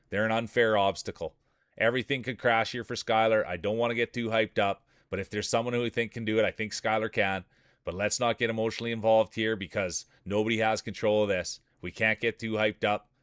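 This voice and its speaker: A man's voice: on the low side, brisk, clean tone, no echo, clean studio sound. A man streaming and giving playful sports-style play-by-play commentary on a game, joking and hyping up the players. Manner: excitable, joking, hypes up players.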